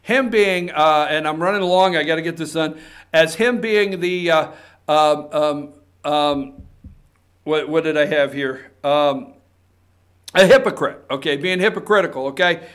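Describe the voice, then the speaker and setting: A man's voice: a little high, a little slow, fairly bright tone. A man hosting a political talk show, giving fired-up, rambling commentary and swearing for emphasis.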